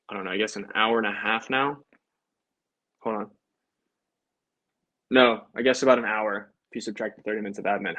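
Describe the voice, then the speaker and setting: A man's voice: mid-range voice, rough recording. A man, a life insurance agent, chatting casually to livestream viewers between sales calls in a breezy, upbeat way.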